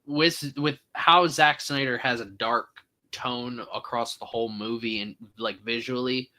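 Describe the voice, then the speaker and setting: A young man in a casual movie review conversation, with a bright, crisp tone. He often restarts his sentences and slips into exasperated asides. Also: mid-range voice, steady tone, measured pace. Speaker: co-host of a movie review podcast.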